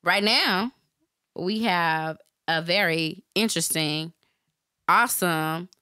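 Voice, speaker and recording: A woman's voice: fairly low pitch, takes it slowly, bright, forceful tone, clean tone, dry recording, studio quality. A woman hosting a casual talk show, gushing and laughing easily as she introduces a guest. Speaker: show host.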